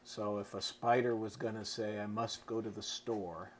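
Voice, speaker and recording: A middle-aged man with a somewhat low voice gives a relaxed, chatty writing lesson to camera. He keeps it casual and now and then adds playful little sound effects. A faint hum sits behind him in a small room. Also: normal speed. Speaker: author teaching writing. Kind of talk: casual instructional talk to camera.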